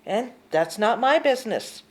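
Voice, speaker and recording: A woman giving a gentle spiritual teaching talk, unhurried and often sinking to a hushed near-whisper. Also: fairly high pitch, lively intonation.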